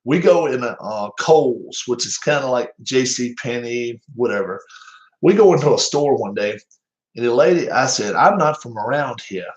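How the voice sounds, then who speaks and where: A man with a Southern American drawl hosts a tabletop baseball replay in a relaxed, chatty way. He calls each play loosely, wanders into stories and laughs at himself often. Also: medium pitch, moderate pace, poor audio. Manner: chuckles often, rambling, self-deprecating. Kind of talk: casual play-by-play chat.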